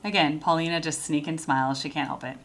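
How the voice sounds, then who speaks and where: A woman's voice: deep voice, fairly even intonation, fast. A woman hosting a music reaction video, casually explaining vocal technique as she watches. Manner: explains vocal technique and mixes in brief sung demonstrations.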